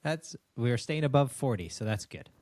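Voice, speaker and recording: A man co-hosting a podcast, reacting and teasing in quick casual banter. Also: medium pitch, expressive, darkish tone, no room sound, clean studio sound. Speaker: podcast co-host. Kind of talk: casual chat.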